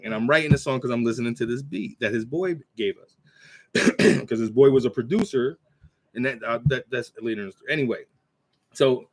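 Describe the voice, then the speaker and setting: A man in his forties talking casually to a computer mic, rambling with restarts and clearing his throat. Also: mid-range voice. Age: 40s. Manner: recites his own verses in a slow, measured cadence. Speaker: channel host. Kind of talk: casual talk to camera.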